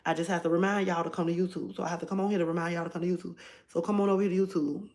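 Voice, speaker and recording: A woman's voice: lowish voice, fairly even intonation, very fast, darkish tone. A woman chatting casually on a phone livestream, rambling and talking straight to her viewers. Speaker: livestream host.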